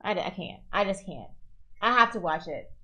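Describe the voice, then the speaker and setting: A woman streamer giving casual, animated reaction commentary and answering viewer comments as she goes. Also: medium pitch, normal speed, background noise. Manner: chatty, reads viewer comments aloud, animated.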